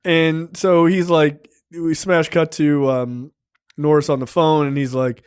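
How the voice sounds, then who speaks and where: A man's voice: fairly high pitch, moderate pace, clean tone, dry recording, studio quality. Profane man retelling a film. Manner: profane, animated scene-by-scene retelling. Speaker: film review podcast host. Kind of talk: casual chat.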